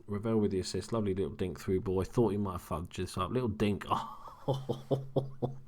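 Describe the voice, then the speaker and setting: A young man quietly commentating on his own football management game in a casual chat. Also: moderate pace. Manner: talking quietly, late-night low-key chatter. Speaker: gaming commentator. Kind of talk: casual let's-play commentary.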